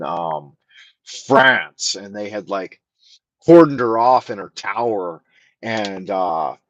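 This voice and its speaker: A man's voice: lowish voice, fairly bright tone, slight background noise. A man from the United States, hosting a rambling, emotional, profane livestream chat from his camera at home. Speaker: livestream host. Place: home in China. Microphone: camera mic on a mount.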